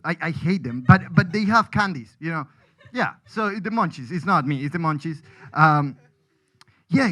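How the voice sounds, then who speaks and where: Man doing stand-up comedy, rambling, self-deprecating, bright forceful voice, slightly high. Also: low-quality recording.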